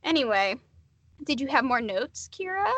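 A woman co-hosting a podcast, chatting casually and drifting into quick tangents. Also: high-pitched, big pitch swings, fairly bright tone, dry recording. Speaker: podcast co-host. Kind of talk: casual chat.

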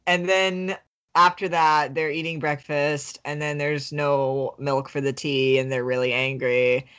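A woman's voice: low voice, level tone, a little slow, fairly bright tone. A woman co-hosting a podcast, casually recapping a book in a rambling way with lots of filler words. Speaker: podcast co-host. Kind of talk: casual chat summarizing a book.

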